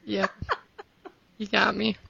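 A woman hosting a podcast in casual chat, bright and forward in tone with a gravelly edge. She giggles easily between lines. The sound is dull and lo-fi. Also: mid-range voice, flat delivery, slow pace. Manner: giggly, laughs often. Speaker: podcast host.

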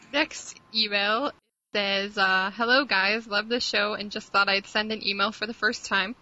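A woman with a bright, forceful voice chats casually as a podcast co-host, laughing easily and poking fun at herself. She reads listener emails aloud. The sound is dull and lo-fi. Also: mid-range voice. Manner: laughs often, self-deprecating.

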